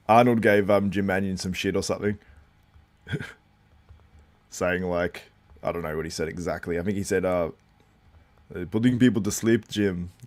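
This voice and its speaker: A man's voice: low voice, little pitch movement, moderate pace, pauses often. A man hosting a live watchalong stream, chatting loosely and reacting to viewer comments as he talks things through. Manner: loose and rambling with frequent fillers. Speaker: host.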